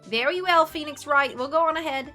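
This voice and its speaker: A woman's voice: high voice, a little fast, pushed and bright, soft background music, pitched above the performer's own voice. A woman voicing a proud, haughty young female prosecutor with an imperious, clipped delivery, as a dramatic game reading. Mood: curt.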